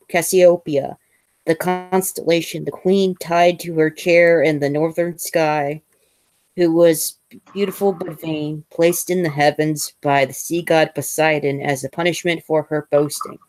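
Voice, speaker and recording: A woman reading a first-person novel aloud as host, in a measured way with small slips and restarts. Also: deep voice, steady tone, a little mellow.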